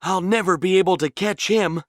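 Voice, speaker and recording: A woman's voice: fairly low pitch, brisk, no echo, clean studio sound, natural voice. A woman voicing a brave, proud young male prince in a storybook, full of eager exclamations.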